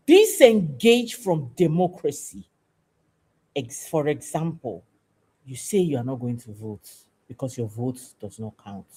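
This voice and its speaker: A woman's voice: extremely low pitch, a little mellow, husky. A woman, hosting a show and giving an emphatic, preachy talk that repeats phrases for stress. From Nigeria. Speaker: podcast host. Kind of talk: passionate civic talk to camera.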